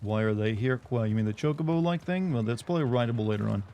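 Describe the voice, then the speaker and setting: A man's voice: mid-range voice, lively intonation, fast, dark tone, dull audio. A man streaming a game and joking his way through casual, rambling commentary.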